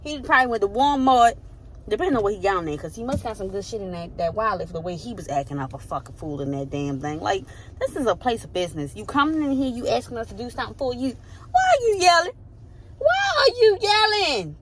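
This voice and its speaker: A young woman in her twenties from Baltimore, with a Baltimore accent, telling stories in an animated, slangy vlog chat from her car. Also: medium pitch, fast. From Baltimore, Maryland. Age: 20s. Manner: animated storytelling, loud put-on shouting in retold quotes, swearing slang. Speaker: vlogger. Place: in a car and around town. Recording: noisy phone vlog with car and street noise.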